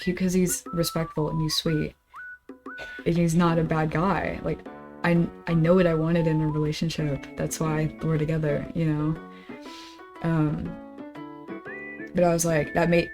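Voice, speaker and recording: A young woman streamer with a low-pitched voice chats casually on a study stream at a normal speed, pausing often. She swears freely, tells an animated story, and reads emails aloud over faint, soft guitar game music.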